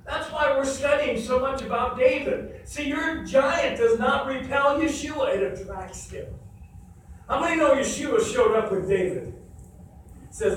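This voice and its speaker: A pastor's sermon rings through a church sanctuary, recorded from far away in the echoey hall with faint noise. His extremely high voice is a bit bright, with lively intonation and a slightly slow pace. He preaches emphatically and repetitively, quizzing the congregation.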